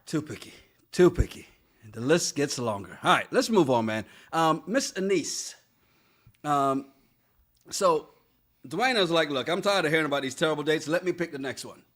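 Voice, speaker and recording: Male podcast co-host, casual chat, slightly high voice with lively swings, quick to laugh. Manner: animated, laughs often, reads live chat comments aloud.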